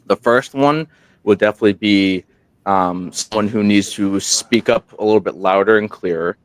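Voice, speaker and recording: A man on a podcast, a guest who hosts his own show, telling stories in a rambling, animated way and acting out quotes, sounding tired at night. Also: lowish voice, moderate pace, clean tone, dry recording. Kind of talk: casual interview storytelling. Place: remote room while on military deployment. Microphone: single portable microphone.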